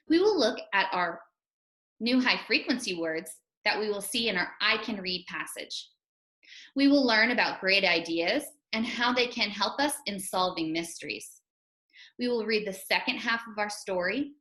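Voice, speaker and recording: A female first grade teacher speaking slowly and clearly to young children, patiently sounding out each phonics sound. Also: medium pitch, fairly bright tone. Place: home or classroom, recorded for a school TV video. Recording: echoey room.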